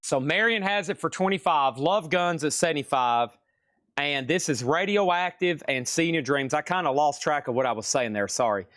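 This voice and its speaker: A man's voice: on the high side, normal speed, a bit bright, no echo, clean studio sound. Chatty Southern man selling records live. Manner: chatty, rambling, self-correcting. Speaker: live-stream record seller. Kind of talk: casual live sales patter.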